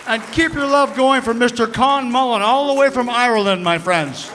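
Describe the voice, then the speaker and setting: A man working as emcee, hyping up the crowd and introducing comics with loud, excited calls. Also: very high-pitched, normal speed, background noise. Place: comedy club.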